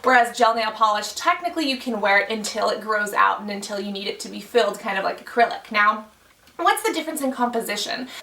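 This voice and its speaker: A woman's voice: medium pitch, lively intonation, quick pace, vocal fry, bright, forceful tone, echoey room, recorded from a distance. A woman beauty vlogger talking casually to camera, chatty, thinking aloud with many fillers. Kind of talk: casual explainer talk to camera.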